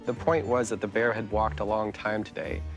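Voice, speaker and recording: A middle-aged man reading his children's book aloud to kids, chatty and gentle, stopping to ask them questions. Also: fairly low pitch, little pitch movement, normal speed, soft background music.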